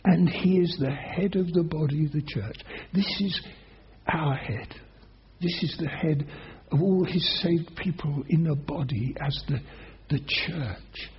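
A man's voice: a little high, a little slow, highs cut off. A man preaching a sermon as pastor, earnest and emphatic, pressing his listeners with rising questions.

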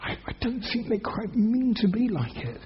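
A man's voice: sits high, big pitch swings, normal speed, lo-fi sound, a little hiss or hum. A man preaching a sermon as pastor, earnest and emphatic, pressing his listeners with rising questions.

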